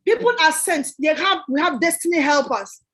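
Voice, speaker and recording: A woman delivers a motivational talk in a notably high voice. She is emphatic and repeats her phrases for effect, much like a preacher. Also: animated, normal speed, fairly bright tone. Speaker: guest entrepreneur.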